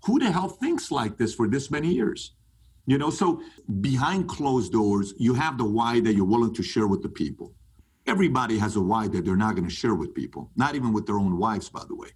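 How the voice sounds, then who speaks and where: Husky man, emphatic interview guest. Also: darkish tone. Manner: emphatic, rising pitch when fired up. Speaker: podcast guest. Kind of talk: animated interview talk.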